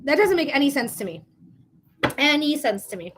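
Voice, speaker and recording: Blunt, high-voiced woman psychic host. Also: big pitch swings, normal speed, noisy background. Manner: blunt and profane, laughs often. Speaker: psychic reader hosting a live stream. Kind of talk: casual livestream chat.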